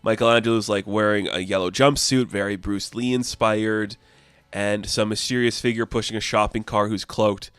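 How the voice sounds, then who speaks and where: A man talking through a comic book review in an enthusiastic, chatty way, with quick plot recaps. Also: fairly low pitch, steady tone, a bit bright, clean tone, dry recording.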